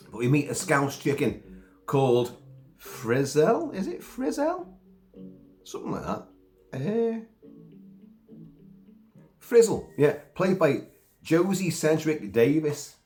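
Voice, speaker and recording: A man's voice: medium pitch, darkish tone. A sick man with a cough reviews a film in a rambling, casual way, full of asides and mild swearing. His voice rises and falls a lot. The room is echoey, with faint music behind him.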